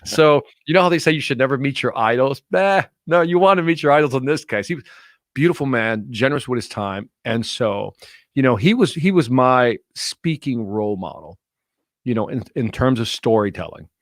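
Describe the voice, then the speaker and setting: A middle-aged man, a motivational speaker guesting on a podcast, talking in an earnest, energetic storytelling manner. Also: mid-range voice, moderate pace, dry recording, studio quality. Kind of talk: casual podcast interview.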